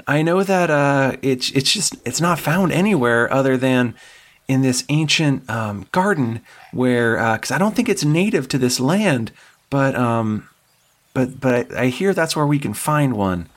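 A man's voice: medium pitch, animated, voice pushed up, natural voice. A man doing a stammering, rambling scholar guide. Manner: stammering, halting, repeats words. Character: rambling scholarly male guide, nervous and wordy.

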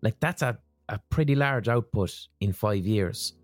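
A man's voice: lowish voice, animated, unhurried, dry recording. A man hosting a podcast and asking his guest probing questions, with a mid-range voice. His voice is recorded dry and close. Faint music plays underneath. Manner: engaged, asks probing questions, agrees often. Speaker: podcast host. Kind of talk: casual interview chat.

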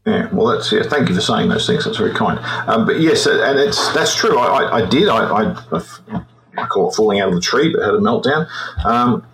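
A man's voice: fairly low pitch, expressive, vocal fry, fairly bright tone, slight background noise, low-quality recording. A man in his sixties with an Australian accent, a retired forensic examiner telling his story in an interview, often repeating words as he goes. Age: 60s. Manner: halting, repeats words as he recounts.

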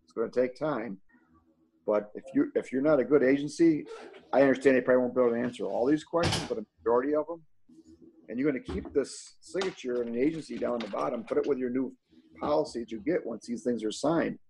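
A man's voice: mid-range voice, fast talker, creaky, darkish tone, a little hiss or hum, rough recording. A man co-hosting a casual roundtable, giving blunt, plainspoken practical advice.

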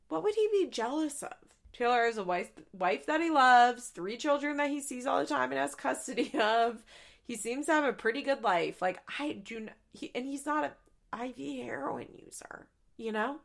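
A young adult woman hosting a podcast, recapping in a chatty, profane, casual way with quick asides into a studio mic. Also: a little high, vocal fry. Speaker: podcast host.

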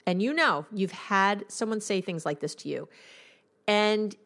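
A woman's voice: mid-range voice, a little slow, a bit bright. A woman, a couples therapist, hosting an advice podcast in a candid, conversational and emphatic way.

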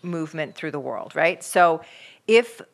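A woman's voice: sits low, lively intonation, measured pace. A woman co-hosting a parenting podcast, explaining her views in a thoughtful casual chat. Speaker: podcast co-host, parenting expert.

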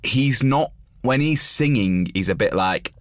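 A man's voice: medium pitch, animated, a little slow, no room sound, studio quality. A man co-hosting a casual chat about a film musical, opinionated and full of restarts. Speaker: podcast co-host.

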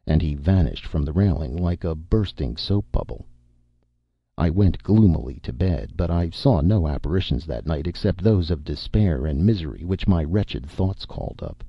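Deep gravelly male storyteller. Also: normal speed, no room sound, highs cut off. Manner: expressive, melodramatic first-person reading. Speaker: audiobook narrator. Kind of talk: storybook narration.

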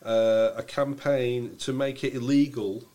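A man co-hosting a casual chat show, wry and joking as he reads out letters from listeners. His voice sits in a middle pitch. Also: steady tone, unhurried, mellow. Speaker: podcast co-host.

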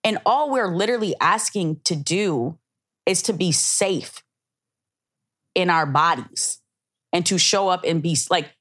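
A woman's voice: lowish voice, expressive, measured pace, long pauses, a bit bright. A woman hosting a podcast, talking passionately and emphatically in a heartfelt casual conversation. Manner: passionate, emphatic, tearful at times. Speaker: podcast host.

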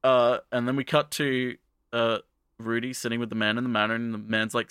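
A man co-hosting a podcast, casually recapping with rambling, profane asides and quick acted-out lines. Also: mid-range voice, level tone, fairly bright tone, smooth, dry recording, studio quality. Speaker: podcast co-host.

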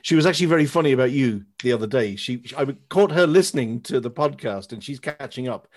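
A man's voice: medium pitch, lively intonation, fast. An Irish man co-hosting a podcast, joking and opinionated in casual chat. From Ireland. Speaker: podcast co-host.

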